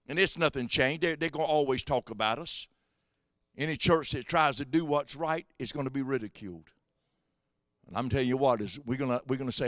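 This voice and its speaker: Pastor guy preaching, bright voice, goes from hushed to hollering, dry close sound. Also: medium pitch, fairly quick, no echo. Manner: swings from hushed to shouting, drawling preacher cadence. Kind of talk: sermon. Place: church sanctuary.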